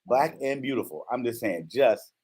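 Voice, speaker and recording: A man's voice: mid-range voice, normal speed, husky. A man in his fifties hosting a casual show, telling a story with acted-out quotes and frequent "right?" checks. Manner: animated storyteller, acts out quotes, says "right?" often. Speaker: host.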